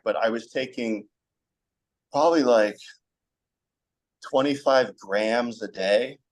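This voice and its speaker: A young man with a somewhat low voice, speaking as a podcast guest. He tells his story candidly and conversationally, rambling a little with fillers and the odd laugh. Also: vocal fry.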